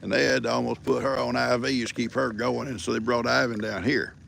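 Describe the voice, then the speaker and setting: A man's voice: mid-range voice, little pitch movement, brisk, creaky, a bit bright, slight background noise. An older man, telling folksy stories and teasing his viewers in a casual livestream from a farm. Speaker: livestream host. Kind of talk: casual rambling storytelling.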